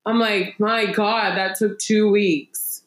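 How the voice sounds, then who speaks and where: A woman's voice: medium pitch, fairly even intonation, slow pace. Exasperated young woman venting, roomy sound. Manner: exasperated, swearing, acts out phone calls. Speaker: podcast co-host. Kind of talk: casual venting chat. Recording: roomy echo.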